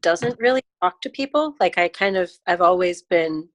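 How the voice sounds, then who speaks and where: A woman joining a group video call who asks her question hesitantly, with a lowish voice. Her sound is dry and close. She feels her way through her words with pauses. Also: animated, dry recording, lo-fi sound. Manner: hesitant, lots of fillers and restarts. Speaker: participant asking a question.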